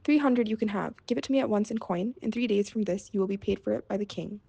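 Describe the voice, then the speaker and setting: A woman voicing a stubborn, grumbling peasant man in a read-aloud fairy tale, blustering and exasperated, with a creaky edge. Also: medium pitch, quick pace, warm tone, no room sound.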